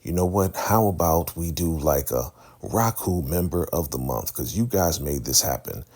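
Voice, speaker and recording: A man voicing a smooth-talking male cult leader in a coaxing, reassuring way, raising his pitch well above his own. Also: lively intonation, moderate pace, darkish tone, heavily acted. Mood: enthusiastic.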